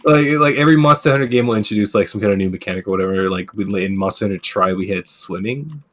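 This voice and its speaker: A man's voice: on the low side, fast. A man hosting a casual gaming podcast, ranting with plenty of swearing and filler words. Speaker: podcast host. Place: streaming setup.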